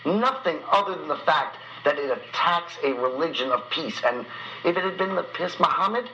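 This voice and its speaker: A man being interviewed, speaking haltingly and repeating words. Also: fairly high pitch, animated, pushed and bright. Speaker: interview guest. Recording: dull lo-fi clip with faint hiss.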